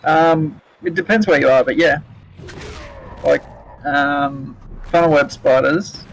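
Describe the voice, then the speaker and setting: Gravelly man with faint noise behind. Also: on the high side, steady tone, slow, rough recording. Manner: laughing, easygoing banter. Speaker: co-streamer. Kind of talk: casual chat over gameplay.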